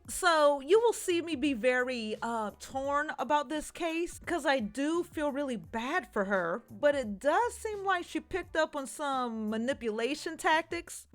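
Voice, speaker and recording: A woman telling a true crime story casually, with sassy, profane comic asides. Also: sits high.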